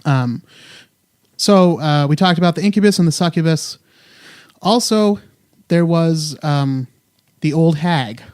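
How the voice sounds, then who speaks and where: A young man hosts a podcast at home, chatting loosely and joking, with a lot of ums along the way. His voice sits a little high for a man. The recording is close and dry, with no room sound. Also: measured pace, long pauses, darkish tone, smooth, no room sound. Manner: joking, rambling, many fillers. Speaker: podcast host. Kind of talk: casual chat.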